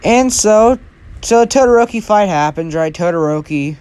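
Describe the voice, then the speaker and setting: A man's voice: sits high, expressive, normal speed, a little mellow, clear, resonant tone. A young man casually retelling his own fan-fiction story, rambling with restarts and frequent "right?".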